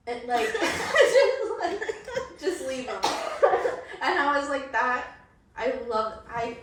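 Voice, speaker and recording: A young woman co-hosting a podcast, chatting casually, blunt and swearing freely, often laughing. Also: fairly high pitch. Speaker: podcast co-host. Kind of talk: casual chat. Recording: echoey room, mic at a distance, faint noise.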